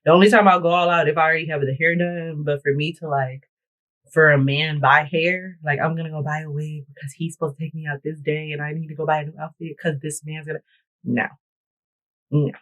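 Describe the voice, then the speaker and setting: A woman's voice: sits low, little pitch movement, fairly quick, a bit bright, poor audio. Sassy woman doing her makeup and telling a story, real blunt and cussing a lot. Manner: talks while doing her makeup and hair. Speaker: beauty vlogger. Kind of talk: get-ready-with-me storytime chat.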